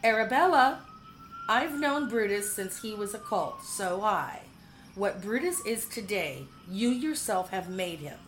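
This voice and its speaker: A woman's voice: medium pitch, very animated, unhurried, a bit bright, soft background music, pitched above the performer's own voice. A woman voicing a stern, commanding elder sister who scolds sharply, in a storybook reading. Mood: scolding.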